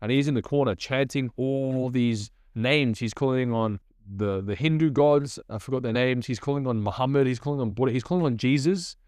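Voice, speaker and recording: A man telling his personal testimony in a lively, conversational storytelling manner. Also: mid-range voice, brisk, few pauses, no echo, studio quality. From Australia.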